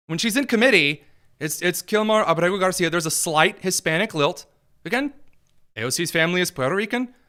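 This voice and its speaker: A man's voice: fairly high pitch, bright, forceful tone. A young man from Indiana hosting a political commentary show, talking in a sarcastic, mocking way. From Indiana, USA.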